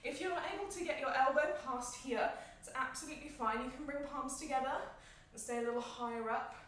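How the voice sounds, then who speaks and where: Breathy high-voiced yoga teacher, echoey room. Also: female voice, brisk. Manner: calm, encouraging cues paced with the breath. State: slightly out of breath. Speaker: yoga instructor. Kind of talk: guided yoga class instruction. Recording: echoey room, mic at a distance.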